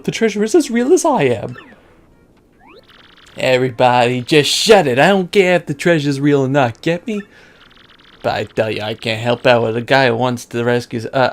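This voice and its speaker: A woman puts on a gruff, menacing voice for a middle-aged male mob boss in a video game, rumbling low and heavily acted. The character uses slangy tough-guy talk with drawling pauses.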